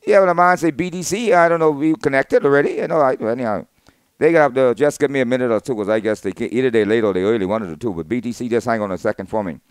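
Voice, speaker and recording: A middle-aged Bahamian man hosting a talk show, delivering an opinionated monologue that swings from low asides to loud outbursts. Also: fast talker, clean tone, no echo.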